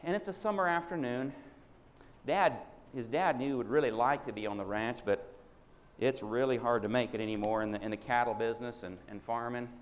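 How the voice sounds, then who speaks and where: A man's voice: mid-range voice, fairly quick. A man preaching a sermon as a folksy story. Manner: folksy, acts out child and father voices in a story. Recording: echoey hall with faint hiss.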